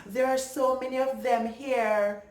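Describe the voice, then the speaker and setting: A man putting on a shrill dismissive old woman. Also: fairly even intonation, unhurried, echoey room, low-quality recording. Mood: defensive. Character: elderly woman in her late seventies, dismissive.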